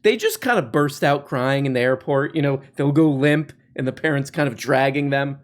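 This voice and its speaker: A man's voice: mid-range voice, normal speed. A man hosting a podcast, giving casual, sarcastic comedic commentary on video clips. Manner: sarcastic, mocking. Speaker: podcast host.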